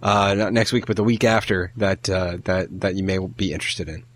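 A man's voice: deep voice, steady tone, normal speed. Laid-back man hosting a podcast. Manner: laid-back, laughs often, swears casually. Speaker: podcast host leading segments. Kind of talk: casual podcast chat.

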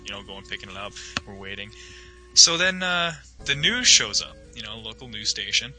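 A man's voice: fairly low pitch, very animated, normal speed, sharp tone, soft background music, rough recording. A young man telling a long, rambling story in a casual chat, filling it with "like" and acting out the voices of the people in it. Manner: rambling, full of "like", acts out quoted voices.

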